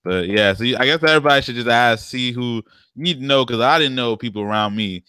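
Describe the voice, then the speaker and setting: A podcast co-host with family from the American South chats in a laid-back, slangy way, telling stories and laughing a lot. His voice is medium-pitched with a sharp tone, and he talks fast. The sound is smooth, with no echo.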